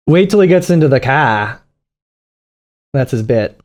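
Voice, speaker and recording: A man's voice: mid-range voice, animated, a little slow, pauses often, darkish tone. A man hosting a reaction video, talking in a casual, sarcastic and profane way.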